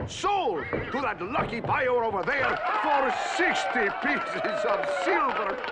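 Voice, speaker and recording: A pompous, gravelly cartoon auctioneer. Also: male voice, high voice, full character voice. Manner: boisterous, mocking laughter, salesman patter. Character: pompous jolly male horse auctioneer, scornful. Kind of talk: animated film voice acting.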